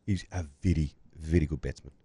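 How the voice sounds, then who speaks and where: A man's voice: rumbling low, brisk, dark tone, slightly rough, no room sound. NZ man, podcast co-host, rowdy anecdote-teller, dry close mic. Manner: swearing, laughing storyteller. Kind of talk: casual chat, storytelling.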